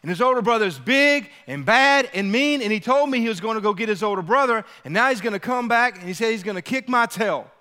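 A man acting out a frightened teenage boy, his words tumbling out in an anxious rush. The voice sits high and sounds bright and tense. A long church reverb trails behind it. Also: expressive, fast, few pauses. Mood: afraid. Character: scared teenage boy after a fight.

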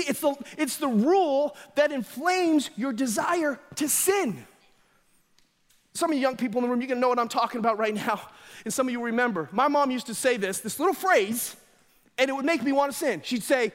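High-voiced energetic male preacher. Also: long reverb tail. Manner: energetic, animated storytelling with acted quotes. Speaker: pastor. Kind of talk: sermon. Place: church sanctuary.

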